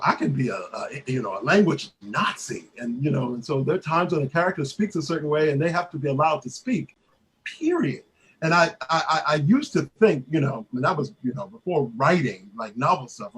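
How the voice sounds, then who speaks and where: A man leading a creative writing workshop, telling stories in a lively way with many fillers and restarts. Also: on the high side. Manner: animated storyteller, many fillers and restarts, acts out quoted voices. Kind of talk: casual workshop talk.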